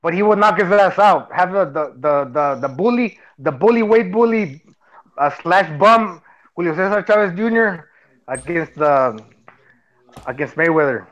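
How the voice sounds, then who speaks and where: A man's voice: high-pitched, animated, fairly bright tone, lo-fi sound. Man with a heavy Mexican accent. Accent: Mexican Spanish. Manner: halting, full of restarts. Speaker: podcast co-host. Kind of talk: casual chat.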